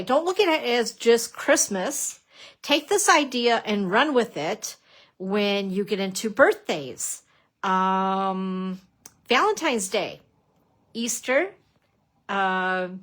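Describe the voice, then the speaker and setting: A talkative middle-aged woman with a fairly high voice leads a relaxed craft lesson on a livestream. She chats and greets her viewers by name as she works, and often breaks into easy laughter. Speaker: papercrafting instructor. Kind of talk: casual craft tutorial livestream.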